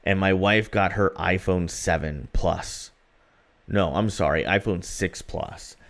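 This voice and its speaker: Low-voiced chatty podcast man. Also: slow, gravelly, fairly bright tone. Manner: rambling, chatty storytelling with fillers. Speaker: podcast co-host. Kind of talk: casual podcast chat.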